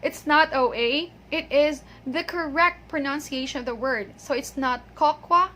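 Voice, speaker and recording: Speaking at a moderate pace in a high-pitched, slightly bright voice, a Filipino-accented woman gives a chatty, casual pronunciation lesson on video. She laughs a lot and keeps saying "okay," over a little hiss or hum.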